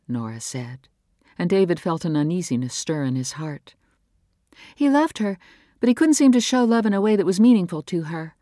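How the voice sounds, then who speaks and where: A woman narrating a novel as an audiobook, reading in a calm, even, measured way. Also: fairly low pitch, no echo, studio quality. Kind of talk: scripted narration.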